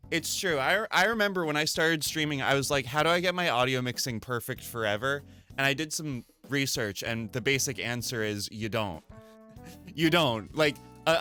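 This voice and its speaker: A male streamer's casual chat, recorded on a desk mic at home. His voice is bright and his pitch swings widely as he rambles, curses lightly and makes fun of himself. Faint music sits underneath. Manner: animated, rambling, swears, self-deprecating. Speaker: live streamer. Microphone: desk microphone through a mixer.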